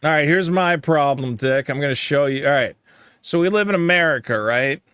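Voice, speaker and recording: A man co-hosting a podcast, delivering a profane, animated comedic rant and mimicking other people's reactions. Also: fairly high pitch, a little fast, smooth, no room sound, studio quality. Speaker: podcast co-host.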